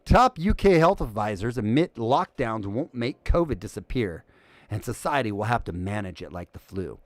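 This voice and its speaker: A man hosting a casual news commentary stream, sarcastic and animated, swinging between loud remarks and muttered asides. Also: mid-range voice, normal speed, dry recording. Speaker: host.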